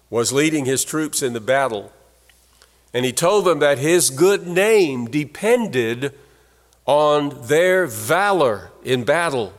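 Male preacher, slow and deliberate, emphatic delivery, long echo of a large hall. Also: medium pitch. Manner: earnest, emphatic preaching with slow stressed phrases. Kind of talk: sermon.

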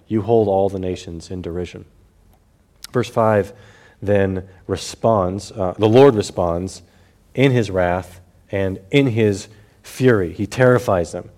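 A man with a fairly low voice teaching a Bible passage verse by verse. He explains each point carefully and repeats key phrases so they stick. When he reads scripture, he slows down and speaks deliberately. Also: darkish tone.

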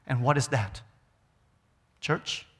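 A middle-aged man preaching a sermon as a guest speaker in a church, animated, swinging from loud emphasis to near-whispers. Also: medium pitch, takes it slowly, slightly rough. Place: church sanctuary. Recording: long reverb of a church hall.

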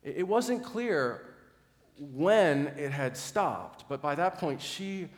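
A middle-aged man preaching a sermon, telling a story earnestly, often restarting words and dropping to a soft voice in quiet moments. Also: a little high, big pitch swings, takes it slowly. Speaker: pastor. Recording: long hall reverb.

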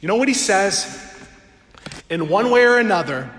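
Earnest male pastor, high voice, sermon in a church with long ringing reverb. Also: lively intonation, a bit bright. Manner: earnest, draws out key words slowly for emphasis. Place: church sanctuary before a congregation. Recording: echoey hall with long reverb.

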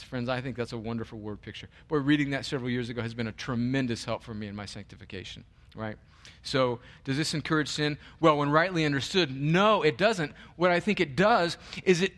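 Male pastor, earnest sermon delivery, bright forceful tone, slightly higher pitch. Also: quick pace. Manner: earnest, animated, with frequent restarts.

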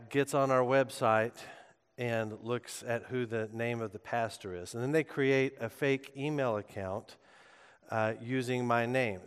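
Pastor preaching in a reverberant hall. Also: male voice, medium pitch, clear, resonant tone. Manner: conversational storytelling with frequent "uh" fillers. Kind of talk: sermon. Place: church sanctuary.

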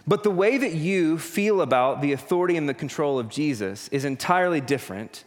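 Pastor preaching in a reverberant hall. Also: male voice, lively intonation, brisk. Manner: earnest, rises in pitch and force when preaching. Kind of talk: prayer and sermon. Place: church hall. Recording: long reverb of a church hall.

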